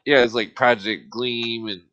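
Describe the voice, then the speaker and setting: A man's voice: medium pitch, steady tone, unhurried, fairly bright tone, highs cut off. A man co-hosting a podcast in loose, profane casual chat, laughing often. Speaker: podcast co-host.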